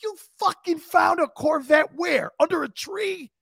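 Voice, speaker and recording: A man acting out a furious middle-aged male football coach who shouts and swears. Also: high-pitched, very animated, moderate pace, no room sound, voice pushed up, heavily acted. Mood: enraged shouting. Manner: shouting, profane.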